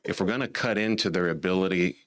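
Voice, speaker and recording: Very deep-voiced man testifying. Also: fairly bright tone. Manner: measured, with frequent "uh" pauses. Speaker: association representative testifying. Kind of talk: formal testimony.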